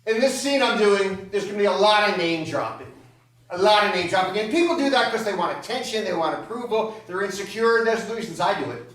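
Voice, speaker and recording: High-voiced man telling a comic story on stage. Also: fast, fairly bright tone. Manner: chatty, digressive and self-mocking, with dry comic asides. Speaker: solo performer. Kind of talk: live stand-up storytelling monologue. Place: small theater stage. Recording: echoey theater, far from the mic, noisy.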